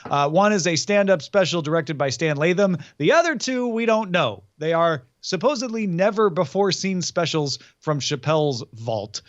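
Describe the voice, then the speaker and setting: Male co-host, slightly high voice, dry humor, muffled recording. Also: animated, normal speed, hardly any pauses. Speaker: podcast co-host. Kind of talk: casual chat.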